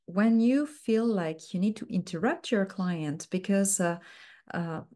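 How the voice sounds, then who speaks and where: A woman mentor teaching a coaching technique, speaking slowly and softly with frequent fillers. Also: mid-range voice. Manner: slow, soft-spoken, uses many fillers.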